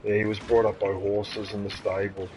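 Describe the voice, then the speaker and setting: A man's voice: on the low side, moderate pace, slight background noise, poor audio. Rambling Australian man streaming games. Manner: rambling, excitable, swears casually. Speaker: gaming streamer. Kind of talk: casual stream commentary.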